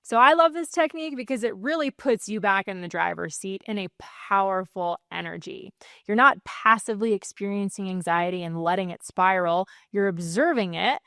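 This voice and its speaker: A woman sleep coach teaching calming techniques in a soothing, gently firm way, with light laughs between points. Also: medium pitch, moderate pace, no room sound, clean studio sound. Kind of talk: calm self-help teaching to camera.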